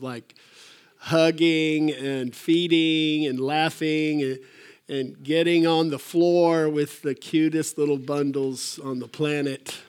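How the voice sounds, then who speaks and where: His tone a little mellow, clear and resonant, an older male pastor gives his church a rambling, folksy sermon. His voice sits somewhat high for a man, and he pauses often with fillers and restarts.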